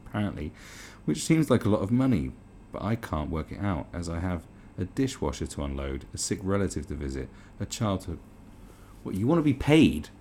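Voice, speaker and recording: A man's voice: deep voice, warm tone, slight background noise. Incredulous sweary British man ranting. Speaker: commentary host. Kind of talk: reaction commentary.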